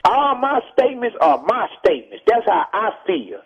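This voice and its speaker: A man from Texas with a Texas accent, a rapper lecturing forcefully over the phone in a heated interview, repeating his points. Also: high-pitched, big pitch swings, moderate pace, creaky, crowd noise. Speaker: rapper guest. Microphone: telephone. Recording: muffled phone line.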